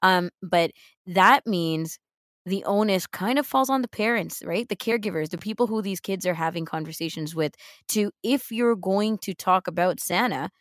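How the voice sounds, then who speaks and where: A woman's voice: medium pitch, moderate pace, dry recording, studio quality. A woman co-hosting a talk show, upbeat and emphatic, often checking in with "right?" as she talks. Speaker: co-host. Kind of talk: casual chat.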